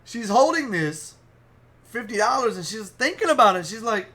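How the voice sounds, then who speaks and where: A young man excitedly telling a wild story in a casual, profane, animated way. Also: high voice, normal speed. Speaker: storytime vlogger.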